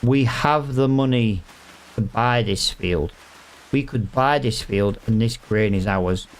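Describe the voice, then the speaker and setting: A man's voice: medium pitch, slow pace. A man giving casual, chatty gameplay commentary and talking to his viewers. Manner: chatty, exasperated, talks to viewers. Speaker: gaming streamer.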